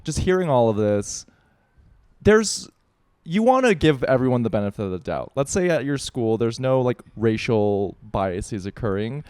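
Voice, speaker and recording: A man's voice: medium pitch, very animated, moderate pace, darkish tone, smooth, no room sound. A man co-hosting a podcast in casual chat, backing up his co-host with short agreements and his own take. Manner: supportive listener, frequent short agreements.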